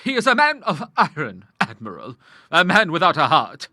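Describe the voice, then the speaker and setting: A man voicing a stern, grim older woman in an audiobook, speaking with forceful scorn. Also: a little high, wildly swooping pitch, moderate pace, no echo, clean studio sound, pitched above the performer's own voice, exaggerated voice. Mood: vehement. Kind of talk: audiobook character voice.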